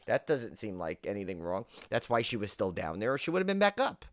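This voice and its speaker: A man co-hosting a podcast, chatting casually about a film in a rambling, animated way and acting out lines from it. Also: lowish voice, fairly quick, no room sound. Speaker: podcast co-host. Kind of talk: casual movie discussion.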